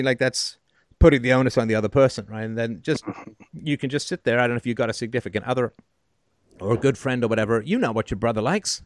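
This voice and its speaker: A man's voice: medium pitch, lively intonation, quick pace, no echo, clean studio sound. A man hosting a call-in show, giving advice in an emphatic, sardonic monologue and often asking "right?".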